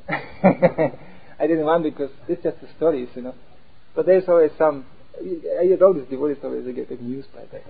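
A man giving an animated talk as a preacher, acting out voices as he explains. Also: on the high side, creaky, husky. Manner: animated, acts out inner voices. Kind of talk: sermon-style talk. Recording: tinny phone-like sound.

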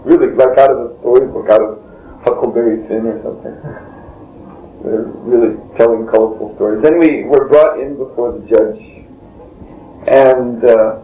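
A man with a mid-range voice, talking at a moderate pace, rambles through a lengthy story in an interview, repeatedly stopping to chuckle. The casual tale is preserved on lo-fi tape that sounds dull and roomy, with slight hiss.

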